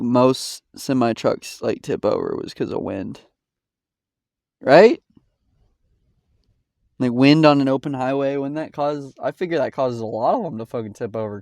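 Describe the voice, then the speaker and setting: A man's voice: mid-range voice, a little mellow, no echo, clean studio sound. A man hosting a podcast, reacting to clips in a blunt, profane, ranting way. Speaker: podcast host. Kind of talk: casual reaction commentary.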